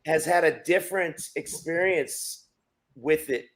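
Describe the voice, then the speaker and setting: A man's voice: a little high, a little slow. A man chatting casually as a guest musician, friendly and full of questions. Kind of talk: casual interview chat.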